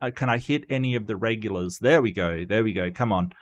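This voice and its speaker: A man hosting a casual livestream commentary, rambling and joking, his voice a little rough from a cold. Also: lowish voice, fast. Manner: rambling, joking, repeats himself and stumbles. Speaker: host of a commentary channel.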